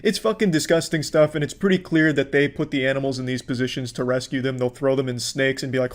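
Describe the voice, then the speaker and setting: A man giving casual online commentary in a deadpan, flat way, blunt and crude. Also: a little high, fast, hardly any pauses. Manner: deadpan, flat-affect delivery.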